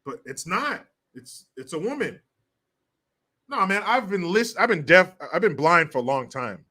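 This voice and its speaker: A man hosting a casual commentary stream, reading viewer comments aloud with crude, mocking asides. His voice sits high and bright, with a lively, swinging delivery. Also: measured pace. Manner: crude and mocking, laughs often. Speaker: host of a commentary livestream.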